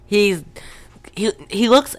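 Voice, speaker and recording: A woman's voice: medium pitch, slow pace. A young woman recapping a movie in casual chat, rambling and profane, acting out the characters' lines. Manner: rambling, profane, acts out quotes.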